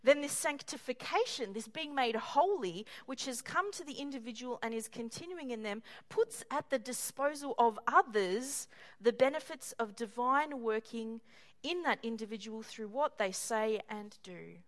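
A woman delivers a sermon in a high, bright-sounding voice. She preaches with animation, slipping into little acted-out voices and joking asides. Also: moderate pace. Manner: animated, acts out quoted voices with humorous asides.

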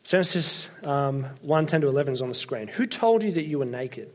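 A young man delivers a sermon in a relaxed, conversational way. His voice sits a little high for a man. He keeps checking in with listeners and slips in light jokes as he goes. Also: a little fast, few pauses. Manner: conversational, jokey, often checks in with "right?" and "okay?". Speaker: pastor.

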